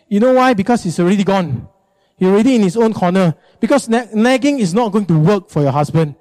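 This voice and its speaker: High-pitched pastor, animated sermon, repeats stuff for emphasis. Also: male voice, a little fast.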